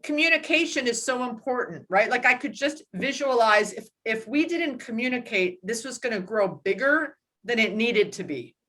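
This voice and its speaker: A woman in her sixties with a fairly high voice tells a personal story during a casual book club discussion. Her delivery is animated, and she mixes in quick asides. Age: 60s. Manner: animated anecdote telling with laughs.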